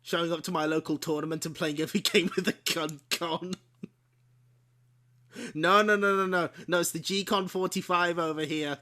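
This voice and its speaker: Man, streamer host, casual giggly chat, slightly high, bright and forceful voice. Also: fairly even intonation, moderate pace. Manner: chatty, giggly, self-correcting.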